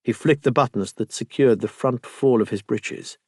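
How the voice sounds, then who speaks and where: Male audiobook reader, mid-range voice, steady narration, dry booth sound. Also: mid-range voice, normal speed, breathy edge, dry recording. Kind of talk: scripted narration.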